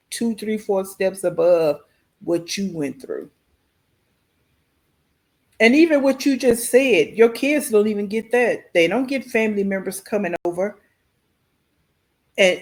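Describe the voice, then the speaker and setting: A woman's voice: mid-range voice, darkish tone. Lady on a reaction channel, blunt and critical, talks straight at you. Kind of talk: reaction commentary.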